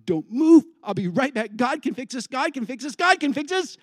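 A man voicing Adam as a steady man who urgently calms his wife and takes charge. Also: extremely high pitch, moderate pace, dry recording, clean studio sound, voice pushed up, exaggerated voice. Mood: urgent, commanding. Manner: urgent, calming, commanding.

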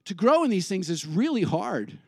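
A man preaching a sermon in a lively, conversational way, putting questions to the congregation. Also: high voice, moderate pace, gravelly, slightly rough, dry recording, clean studio sound. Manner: animated, conversational, asks the crowd questions. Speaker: pastor.

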